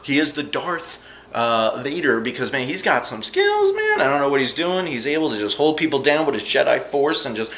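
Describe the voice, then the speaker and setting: A man giving an animated, slangy, jokey recap of fight events in a casual vlog. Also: mid-range voice, normal speed, echoey room, slight background noise. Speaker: vlogger reviewing fight events.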